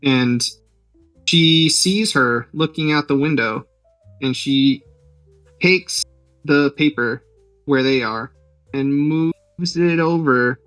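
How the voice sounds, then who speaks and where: A man's voice: on the high side, slow, pauses often, a bit bright, clear, resonant tone, no echo, faint music behind. Man, podcast host, rambling jokey plot recap, dry sound, slightly distant mic. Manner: rambling, joking plot retelling with filler words. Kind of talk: casual movie recap.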